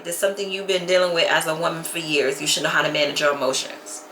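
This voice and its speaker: Woman, vlog chat, animated venting, bright tone, echoey room, faint noise. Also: on the low side. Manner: animated, venting with lots of "baby" and "like". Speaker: vlogger. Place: at home.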